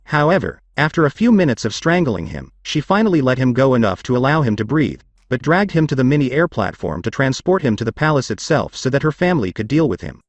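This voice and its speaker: Male narrator for a scripted story read, lively, steady, dry close mic. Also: medium pitch, fast, few pauses, no room sound, muffled recording.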